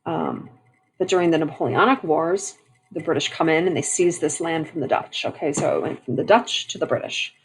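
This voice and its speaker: A woman's voice: low-pitched, sing-song, a little fast, a little hiss or hum, rough recording. A woman teaching a history lesson, switching between reading a passage aloud and explaining it in a chatty way with fillers and restarts. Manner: conversational, frequent fillers and restarts.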